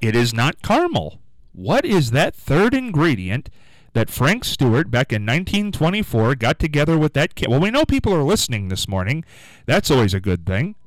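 A man hosting a live radio call-in quiz, with an upbeat, sing-song way of answering callers and a throat going hoarse. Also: medium pitch, moderate pace, dry recording, poor audio. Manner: lively, upbeat, sing-song when rejecting guesses. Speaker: radio call-in show host. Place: radio studio.

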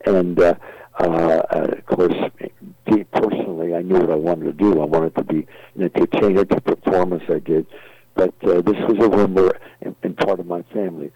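Older man, very low gravelly voice, husky, rambling storyteller, dull lo-fi sound. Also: fairly even intonation, normal speed, dry recording. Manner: rambling, many fillers and restarts. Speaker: guest entertainer. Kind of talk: interview storytelling. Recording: dull, dry lo-fi audio.

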